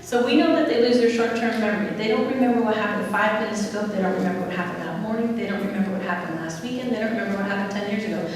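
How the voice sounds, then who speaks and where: A woman giving a lively public talk on dementia care, asking the audience questions and then answering them herself. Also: medium pitch, a little hiss or hum. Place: large hall. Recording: echoey hall from far off with faint ambience.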